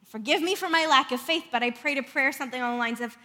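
A woman's voice: sits high, quick pace, few pauses, bright, forceful tone. A woman giving an earnest sermon in a church, praying and telling a family story. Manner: earnest, storytelling with prayerful passages. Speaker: preacher. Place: church sanctuary. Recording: long reverb of a church hall.

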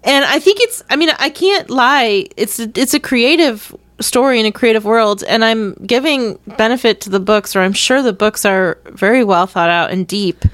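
A woman's voice: on the high side, moderate pace, few pauses, fairly bright tone, dry recording. A young woman co-hosting a casual podcast chat, giggly and teasing. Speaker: podcast co-host.

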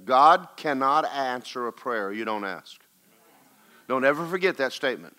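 A pastor with a mid-range, expressive voice preaches at a moderate pace, recounting a personal story. He moves back and forth between hushed, quiet passages and loud, urgent exhortation.

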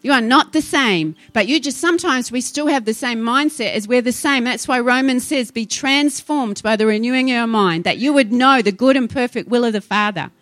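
A woman's voice: a little high, a little fast, few pauses, fairly bright tone, dry recording, faint music behind. A woman preaching a sermon, fervent and exhorting, rising into urgent appeals to her congregation.

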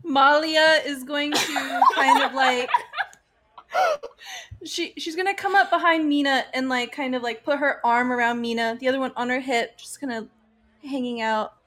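High, excitable woman player. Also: measured pace, slight background noise. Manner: excitable, laughs often. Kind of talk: playing a tabletop game.

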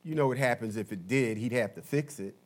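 A male pastor preaching a sermon, telling a story slowly and dramatically, swinging between loud and soft. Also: medium pitch. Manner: slow dramatic storytelling with big swings in loudness.

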